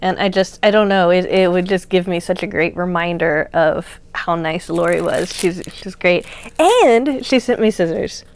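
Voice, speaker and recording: A woman's voice: on the low side, moderate pace, creaky. A woman hosting a craft channel, chatting casually and gushing as she shows off yarn, with plenty of fillers. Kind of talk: casual unboxing chat.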